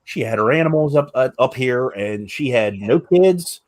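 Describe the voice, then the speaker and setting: A male podcast host in relaxed conversation. He speaks candidly and earnestly at a mid pitch, with the odd curse word thrown in. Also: moderate pace. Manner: candid, earnest, swears freely. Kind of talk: casual chat.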